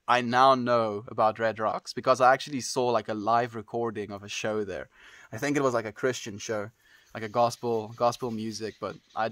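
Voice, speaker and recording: Livestreaming from home, a man with a medium-pitched, fairly bright voice chats casually with viewers and reads their messages aloud. He's laid-back, calling people dude and friend. The sound is clean and studio-like with no room sound.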